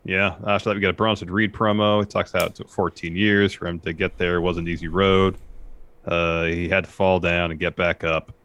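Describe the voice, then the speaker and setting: Deep-voiced man, dry and close. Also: level tone, fairly quick, a bit bright, no echo. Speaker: podcast co-host. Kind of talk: casual wrestling recap chat.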